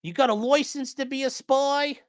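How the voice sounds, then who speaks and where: A man putting on a cheeky cartoonish Australian bloke in a high mock Australian accent. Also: moderate pace, dry recording, studio quality.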